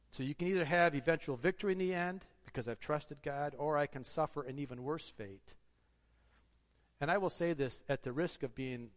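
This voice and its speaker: A man's voice: medium pitch, normal speed. A man preaching a sermon, earnest and exhorting, asking the congregation rhetorical questions. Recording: long hall reverb.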